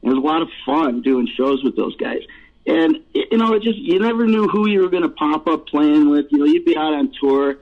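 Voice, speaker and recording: A man's voice: on the high side, expressive, brisk. A male rock singer telling rambling stories in a casual interview, laughing often and swearing freely. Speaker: rock vocalist guest. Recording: tinny phone line.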